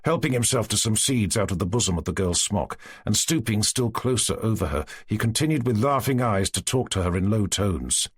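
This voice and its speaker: A man narrating a classic novel as an audiobook in an expressive storytelling manner. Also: lowish voice, brisk, hardly any pauses, slightly rough, no echo. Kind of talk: scripted narration.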